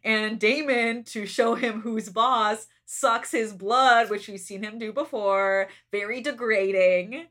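Young woman podcast co-host; high-pitched, jokey, laughs often. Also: slow pace, hardly any pauses. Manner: joking, animated, laughs often. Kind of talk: casual book-recap chat.

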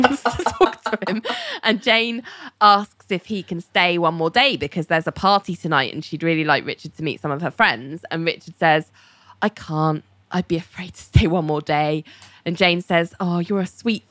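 Woman with a lowish voice telling a story, quoting people, laughing a lot, dry mic. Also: dry recording. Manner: animated storytelling, quoting characters, laughing often. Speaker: podcast co-host recapping a TV episode. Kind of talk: casual chat.

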